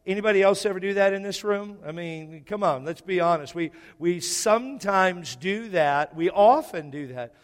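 A man's voice: high voice, moderate pace, hardly any pauses. A male pastor preaching a sermon in a church hall, repeating key phrases and putting questions to the congregation. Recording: echoey hall.

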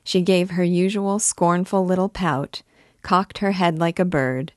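A woman reading a classic novel aloud with measured, expressive narration. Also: lowish voice, dry recording, clean studio sound. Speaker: reader and guide of a book.

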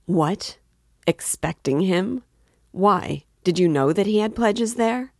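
A woman reading aloud voices a loud, hot-headed young male student, exclaiming excitedly. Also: low voice, measured pace, no echo, studio quality.

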